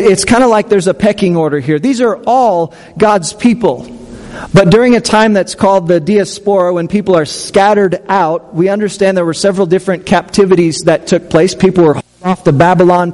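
A man's voice: high voice, darkish tone, long reverb tail. A man preaching a sermon as pastor, talking in a conversational way with restarts and questions to the congregation.

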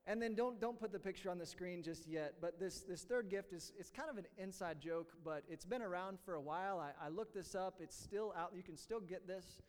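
A man's voice: high-pitched, brisk, few pauses, in a large hall. A male pastor giving a sermon in a church, joking first and then teaching earnestly, often stumbling and repeating words. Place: church sanctuary.

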